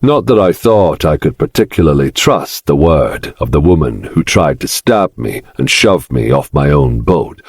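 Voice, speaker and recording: A man narrating a dark first-person romance audiobook in a slow, brooding manner. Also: very deep voice, slightly rough, no room sound, clean studio sound.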